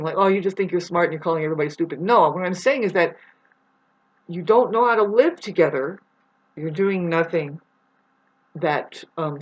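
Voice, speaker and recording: Agitated, profane woman ranting. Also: highs cut off. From United States. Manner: agitated and profane, swinging between loud outbursts and low muttering. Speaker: spiritual vlogger. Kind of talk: rambling spiritual monologue.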